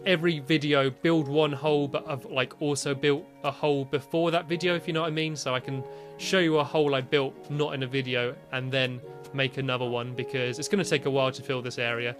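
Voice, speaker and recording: A young British man chatting casually as he plays and shows off his builds, turning shrill and panicky when danger appears. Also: steady tone, fairly quick, a bit bright. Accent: British English. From Britain. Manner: chatty, breaks into high panicked yelps. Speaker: gaming video creator. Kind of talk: casual game commentary. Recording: faint music behind.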